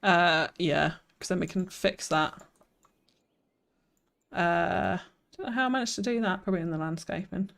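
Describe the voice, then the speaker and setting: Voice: medium pitch, moderate pace, vocal fry, long pauses, a bit bright. A streamer, chatting through a live gameplay session, reading viewer comments aloud and answering them with self-deprecating laughs.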